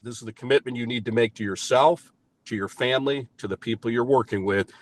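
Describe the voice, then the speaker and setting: A man's voice: mid-range voice, fast talker. An older man speaking from inside his car, giving emphatic, enthusiastic motivational answers about his sales work in an interview. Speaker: payments sales team leader.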